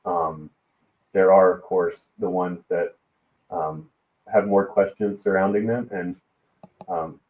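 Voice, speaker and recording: Man, Southern American accent, low voice, hesitant and measured, tinny phone-like sound. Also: fairly even intonation, distant mic. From Alabama, US South. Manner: measured, hesitant, many pauses and fillers. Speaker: guest, risk management executive. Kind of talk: casual podcast conversation. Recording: tinny phone-like line in an echoey room.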